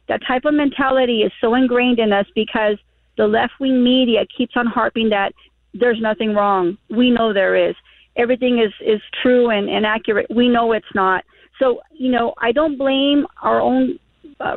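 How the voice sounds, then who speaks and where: A woman's voice: on the high side, no room sound. Emphatic woman on a tinny phone line. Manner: emphatic, stumbling over words. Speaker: political guest. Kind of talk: opinionated radio talk.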